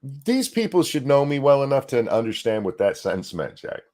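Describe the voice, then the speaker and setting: He's a middle-aged co-host on a live stream show, talking at a moderate pace with a medium pitch. He goes through donations while joking around, animated and profane, rambling and starting over mid-thought.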